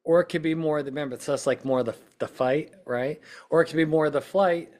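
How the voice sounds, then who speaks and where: This podcast host, a witness-prep consultant, has a slightly high voice with a darkish tone and a brisk delivery. His explanations are casual and conversational, dotted with "right?" and "okay?" check-ins, plus short bursts of acted-out quoted speech.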